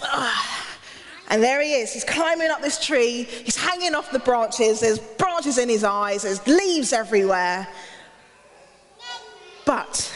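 A woman telling a lively Bible story to children, asking them questions as she goes. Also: fairly high pitch, slow, long pauses, big-room sound. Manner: animated, asks the children questions.

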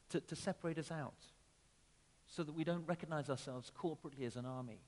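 A man's voice: on the high side, darkish tone. Man preaching in a reverberant hall. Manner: conversational with emphatic rises and sudden drops. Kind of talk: sermon. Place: church. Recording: long reverb of a church hall.

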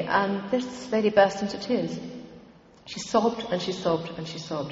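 A woman's voice: mid-range voice, moderate pace. Woman teaching in an echoey hall. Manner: conversational, meandering, frequent ums and asides. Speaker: church prayer teacher. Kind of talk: informal church teaching talk. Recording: dull, echoey hall recording.

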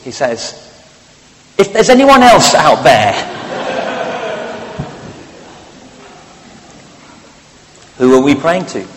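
A man's voice: mid-range voice, vocal fry, big-room sound, a little hiss or hum, rough recording. A man preaching a sermon, conversational and wry, with frequent fillers.

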